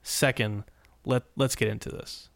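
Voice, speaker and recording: Male podcast host, casual and rambling, average pitch, dry close recording. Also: fairly even intonation, unhurried, gravelly, fairly bright tone, no echo. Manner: rambling, many restarts and fillers. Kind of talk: casual episode recap.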